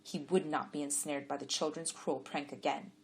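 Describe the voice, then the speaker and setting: A woman reads a story aloud in a calm, measured way. Her voice sits on the low side for a woman, steady and unhurried. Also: gravelly, slight background noise. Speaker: audiobook narrator. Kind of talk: scripted narration.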